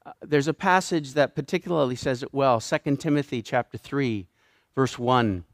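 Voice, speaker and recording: A man's voice: mid-range voice, moderate pace, no room sound, studio quality. A Canadian man with a Canadian accent preaching a sermon, emphatic and building his points through repeated phrases. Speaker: pastor.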